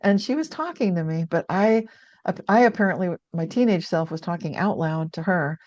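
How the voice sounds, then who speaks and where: Older woman, dark lo-fi voice. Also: fairly low pitch, animated, brisk, dry recording. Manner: earnest, reflective, with frequent restarts. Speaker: guest author. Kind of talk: conversational storytelling. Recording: dull lo-fi sound.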